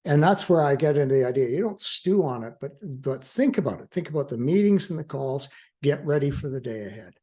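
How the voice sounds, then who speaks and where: A man's voice: on the high side, lively intonation, brisk, warm tone. An older man, a guest in an interview, speaking earnestly in a reflective, conversational way with frequent restarts and fillers. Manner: earnest, laughs easily. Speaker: guest, attorney in recovery.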